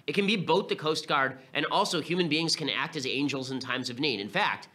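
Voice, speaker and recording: Sharp-voiced man, rapid scornful commentary. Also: fairly high pitch. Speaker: podcast host. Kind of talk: political commentary monologue.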